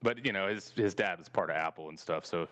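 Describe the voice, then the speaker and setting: A man's voice: deep voice, brisk, a bit bright. A man hosting a podcast and telling a long story in casual chat, rambling and laughing often as he goes. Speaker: podcast host.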